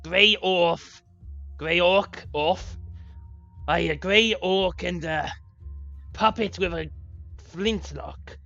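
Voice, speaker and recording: Man doing a captain, loud, gruff, bright tone, lo-fi audio, faint music. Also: extremely slow, long pauses, heavily acted. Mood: gruff, blustery. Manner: booming, blustery. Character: loud gruff male dwarf guard captain.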